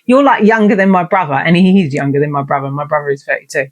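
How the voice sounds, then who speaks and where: A woman's voice: low-pitched, fairly even intonation, quick pace. A woman, hosting a podcast and telling a story in a blunt, sweary, chatty and self-mocking way. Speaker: podcast host. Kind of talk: casual storytelling monologue.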